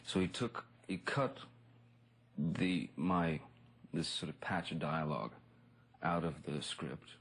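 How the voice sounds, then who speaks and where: A man recounting anecdotes in a relaxed interview, rambling and laid-back with frequent "you know" and chuckles. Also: low voice, a little slow, breathy edge. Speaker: actor recalling a colleague. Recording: music bed under speech.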